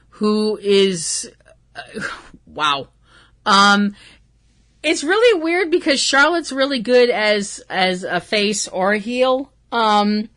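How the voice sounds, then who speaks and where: A woman's voice: medium pitch, sharp tone. A woman hosting a wrestling talk show, chatting casually and gushing, with lots of ums and restarts. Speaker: host. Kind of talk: casual solo podcast chat.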